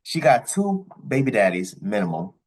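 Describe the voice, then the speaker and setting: A man giving blunt, profane commentary as a vlogger, with his pitch jumping high on the words he stresses. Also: sing-song, normal speed, a little mellow, slightly rough, rough recording. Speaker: commentary vlogger reacting to a clip. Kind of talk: ranting commentary.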